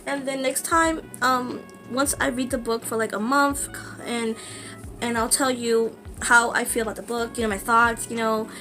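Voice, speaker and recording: A woman with a somewhat high voice gushes excitedly about a book in a casual vlog. She talks with lots of ums and likes, and soft music plays faintly behind her. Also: normal speed. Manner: gushing and excitable, with many fillers. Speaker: vlogger.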